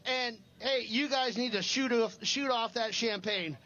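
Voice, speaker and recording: Man, forties, race interviewer, high voice, loud, joking, lo-fi livestream audio. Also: a little slow. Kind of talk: excited post-race interview. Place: outdoors at a desert race finish.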